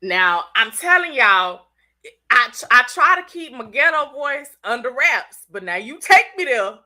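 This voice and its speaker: A woman chatting casually with her livestream viewers, congested from a cold and with a country-sounding way of talking. Her voice sits a bit high and is bright. She talks with a lot of movement in her pitch. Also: sing-song, normal speed. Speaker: livestream host.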